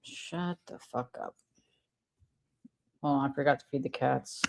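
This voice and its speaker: Woman, casual livestream host; low-pitched, unhurried, rambling, annoyed, curses a lot. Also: fairly even intonation, creaky, background noise. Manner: rambling, irritated, swears often.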